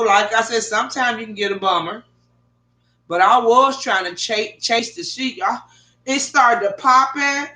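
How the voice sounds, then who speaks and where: A middle-aged woman rambles through a story to her viewers, swearing freely and talking in an animated way. Her voice is bright and forceful. The bedroom where she records sounds echoey. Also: sits high. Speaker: vlogger. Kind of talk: casual profane storytelling to viewers. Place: bedroom at home. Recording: echoey room.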